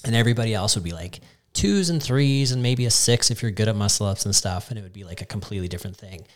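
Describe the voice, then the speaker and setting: A man's voice: lowish voice, animated, fast. A man co-hosting a casual podcast chat in an easygoing, agreeable way. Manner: easygoing, agreeable, backchannels often. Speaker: podcast co-host.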